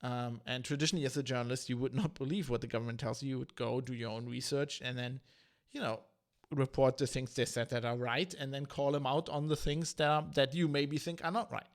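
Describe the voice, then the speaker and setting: A man with a medium-pitched, fairly level voice talks fairly quickly while hosting a solo podcast as a tech journalist. He thinks aloud in a casual, opinionated way, hesitating often and filling his speech with fillers and restarts.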